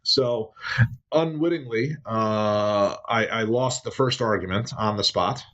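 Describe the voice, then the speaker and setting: A man's voice: fairly low pitch, takes it slowly, fairly bright tone, dull audio. A man as a podcast guest, sharing personal stories in a candid conversational way and often checking in with "right?". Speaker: podcast guest, app founder. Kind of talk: conversational interview storytelling.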